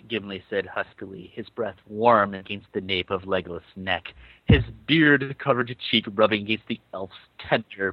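Male host, comic dramatic reading, lively delivery, close dry mic. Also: mid-range voice, no room sound, highs cut off. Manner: reads with breaks to laugh and comment. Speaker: podcast host reading fan fiction aloud.

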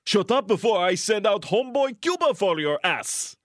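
A man's voice: high-pitched, sing-song, moderate pace, a bit bright, no room sound, studio quality. A man doing a smug fake-Russian Soviet bully. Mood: scornful. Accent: mock Russian. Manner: theatrical mock-menacing reading. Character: boastful blustering Soviet man. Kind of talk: comedic dramatic reading.

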